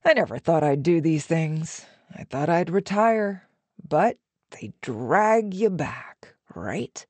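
A woman's voice: low-pitched, expressive, slow, a little mellow, no echo, exaggerated voice. A woman voicing an aging male film actor with easygoing, practiced charm in an audiobook reading. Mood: breezy. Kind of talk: audiobook narration.

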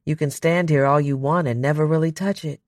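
A woman's voice: low voice, fairly even intonation, a little fast, darkish tone, no echo, studio quality, natural voice. A reader voicing an exhausted older woman astronaut, weary and resigned.

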